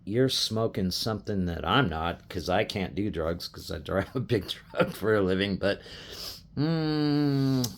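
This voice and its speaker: A man's voice: low voice, gravelly. Impassioned middle-aged man ranting. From Colorado. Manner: impassioned, repetitive, swearing, restarts. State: choked up, emotional. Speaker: sports fan. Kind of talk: emotional fan rant.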